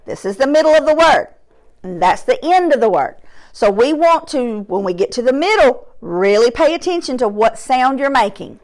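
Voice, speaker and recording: A woman teaching a phonics lesson to young children, stretching out sounds and words slowly and clearly while seated at her desk. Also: sits high, sing-song, a little mellow. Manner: slow, drawn-out sounds, emphatic. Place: classroom or home desk, seated in chair.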